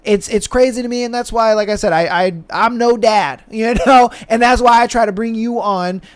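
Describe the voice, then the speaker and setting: A man's voice: extremely high pitch, normal speed, clear, resonant tone. A man hosting a podcast in casual, slangy chat, swearing freely and leaning on fillers. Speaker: podcast host.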